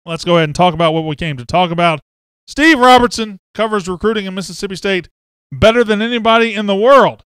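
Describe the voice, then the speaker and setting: A man hosting a sports podcast, excitable and brash, speaking from a studio. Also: high voice, quick pace, smooth, no room sound. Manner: excitable, brash, loud bursts. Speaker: podcast host. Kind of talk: energetic sports podcast talk.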